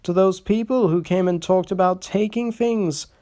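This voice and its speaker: A man voicing a gentle, anxious little male engine in a storybook reading, speaking mournfully. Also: high-pitched, moderate pace, voice pushed up, close to an everyday voice. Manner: mournful, timid.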